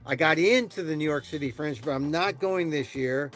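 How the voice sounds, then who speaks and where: A middle-aged man hosting a casual satirical chat, joking in a deadpan way with quick restarts. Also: a little high, soft background music. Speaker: podcast host.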